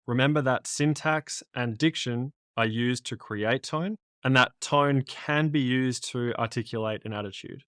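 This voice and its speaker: A man's voice: medium pitch, a bit bright, dry recording. Aussie guy teaching an english lesson, dry close sound, explains things step by step. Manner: methodical, recaps and signposts each step. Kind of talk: lesson explaining exam concepts.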